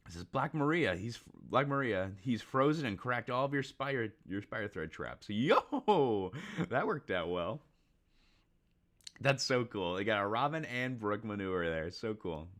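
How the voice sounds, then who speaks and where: A man's voice: on the low side, big pitch swings, unhurried, a bit bright. A man hosting a casual live reaction to a comic chapter, reading it aloud, laughing often and talking with many fillers and restarts. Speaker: manga reaction host.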